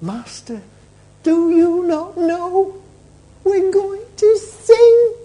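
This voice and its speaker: A preacher voicing panicked male disciples, frantic and shouting, pleading for help in a storm. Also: very high-pitched, sing-song, drawn-out words, voice pushed up, heavily acted.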